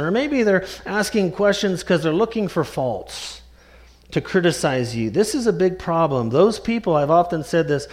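A male pastor preaching a sermon with a slightly higher-than-usual voice. He is earnest and emphatic, drawing out the words he wants to land. His delivery is steady and pastoral. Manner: earnest, emphatic, slows right down to stress key words.

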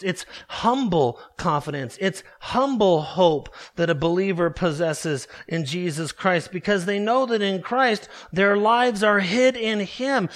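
Slow, high-voiced male preacher. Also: a bit bright. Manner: emphatic, measured preaching with slow stresses. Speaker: pastor. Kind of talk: sermon.

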